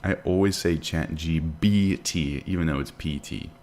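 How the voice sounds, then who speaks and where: A man's voice: a bass voice, measured pace, a little mellow, slight background noise. A man hosting a live day trading stream, chatting casually and answering viewer questions while he watches the charts. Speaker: day trading livestream host.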